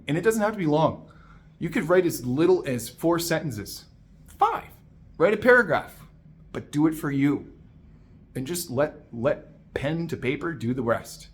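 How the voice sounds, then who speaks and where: Emphatic motivational man, high-ish voice. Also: unhurried. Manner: energetic, emphatic, addresses listener as "my man". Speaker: coach. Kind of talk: motivational monologue.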